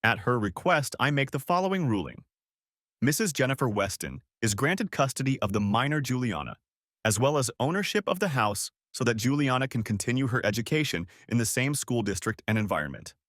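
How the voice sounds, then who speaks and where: A man voicing a stern family court judge in an audiobook story, delivering a ruling in a formal, measured way. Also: mid-range voice, big pitch swings, a bit bright, no echo, studio quality.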